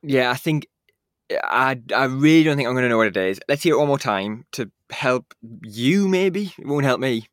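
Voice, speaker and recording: A man's voice: mid-range voice, animated, normal speed, no room sound. A male podcast co-host with a mid-range voice, chatting casually, running himself down and laughing often. The recording is close and dry. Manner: self-deprecating, laughs often. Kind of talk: casual chat.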